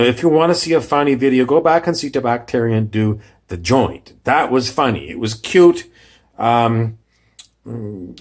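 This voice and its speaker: Animated self-mocking male comic. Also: mid-range voice. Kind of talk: casual comedy post-mortem.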